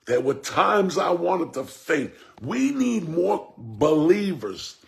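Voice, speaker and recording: Man, preacher, gravelly voice, fervent sermon, loud shouts and hushed asides. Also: on the high side, very animated, slow pace. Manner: fervent, swings between shouting and hushed tones; repeats a refrain, addresses listeners by name. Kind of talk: impassioned sermon.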